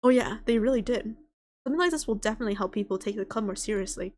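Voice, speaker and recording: A woman voicing a cheerful teenage schoolgirl who leads a school club, bright and friendly. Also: medium pitch, rapid-fire, lightly acted.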